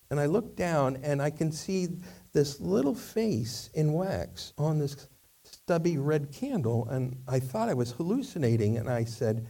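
Preacher guy telling a story in his sermon, high voice that jumps all over, sounds a bit off mic. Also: unhurried, gravelly, far from the mic. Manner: animated storyteller acting out dialogue.

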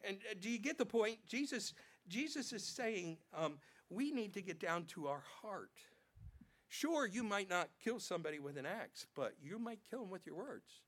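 High-voiced male pastor preaching animatedly. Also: moderate pace. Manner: animated preaching, acting out quotes, repeats words. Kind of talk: sermon.

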